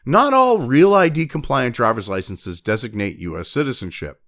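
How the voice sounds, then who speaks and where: A man's voice: mid-range voice, lively intonation, normal speed, fairly bright tone. A man from New Hampshire hosting a news commentary show, ranting in a profane, exasperated and sarcastic way. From New Hampshire, USA.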